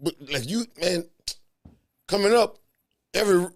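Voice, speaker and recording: A man's voice: high voice, expressive, a little slow. A man in a casual heart-to-heart talk, emphatic and preachy, repeating words to drive points home.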